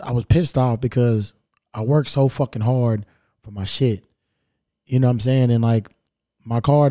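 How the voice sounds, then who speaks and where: In a casual storytelling monologue, a Kentucky podcast host spins a blunt, profane, rambling tale. His mellow, medium-pitched voice is recorded dry, with studio quality.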